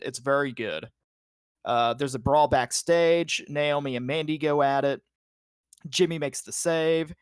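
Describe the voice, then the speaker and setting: A man's voice: on the high side, dry recording, studio quality. A man co-hosting a podcast, giving a casual play-by-play recap full of "like" and "uh" and the odd swear word. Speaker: podcast co-host.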